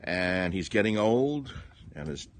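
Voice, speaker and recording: An older man with a low voice rants through a political monologue. He swings from loud indignant outbursts down to low, muttered asides. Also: animated, slow pace. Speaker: radio talk host. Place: small cottage by the bay.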